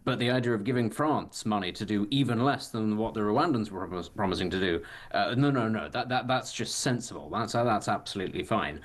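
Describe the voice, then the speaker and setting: A man's voice: fairly low pitch, a little fast, few pauses. A man, a guest commentator on a radio show, dry and sarcastic in his opinions.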